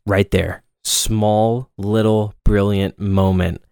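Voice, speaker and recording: A man co-hosting a podcast, chatting casually about a film with quick asides and frequent laughter. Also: lowish voice, flat delivery, gravelly, a little mellow, clear, resonant tone, no echo, studio quality. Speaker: podcast co-host. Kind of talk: casual film recap chat.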